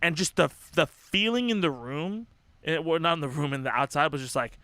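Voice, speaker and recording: A man's voice: fairly high pitch, a little fast, sharp tone, smooth, dry recording. A young man hosting a casual livestream, talking in an impassioned, profane, rambling way with many restarts. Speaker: livestream host.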